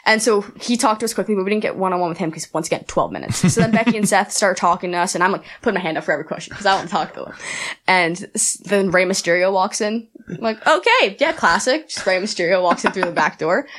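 A young woman chatting casually, telling an animated story full of "like" and acted-out quotes. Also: fairly low pitch. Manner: rapid, animated, heavy use of "like". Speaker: aspiring pro wrestler, guest.

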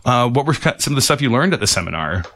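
A man's voice: mid-range voice, very animated, rapid-fire, a bit bright. A man hosting a casual interview, encouraging and laughing often. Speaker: host.

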